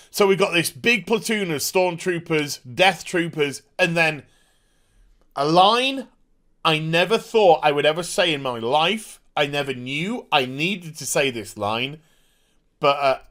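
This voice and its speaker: Excitable man recapping a show. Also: on the high side, unhurried. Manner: excitable, retells scenes with rough impressions and sound effects. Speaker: TV show reviewer. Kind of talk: casual episode recap.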